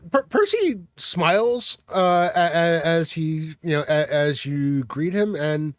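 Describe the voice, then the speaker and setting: A man narrating a tabletop game as game master, halting, with many fillers. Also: a little high, sing-song, no room sound, studio quality.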